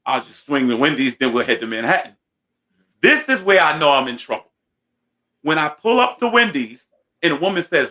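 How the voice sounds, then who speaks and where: Bright-voiced man telling a comic story. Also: on the high side, moderate pace. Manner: animated, self-mocking storyteller. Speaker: host. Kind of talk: comic storytelling on a talk show.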